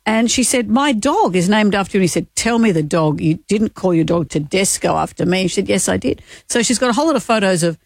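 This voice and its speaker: A woman's voice: mid-range voice, animated, quick pace, gravelly, hardly any pauses, dry recording. A middle-aged Australian woman chats on drive-time radio, spinning anecdotes and laughing easily. She is at a close studio microphone, and the sound is dry. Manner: chatty storyteller, laughs often. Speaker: radio co-host.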